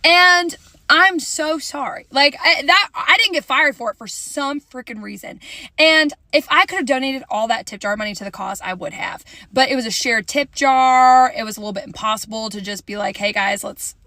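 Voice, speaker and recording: High, bright, animated young woman. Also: a little fast, dry recording. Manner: animated, dramatic, swings between loud and hushed. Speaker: storyteller. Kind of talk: comic personal story to camera.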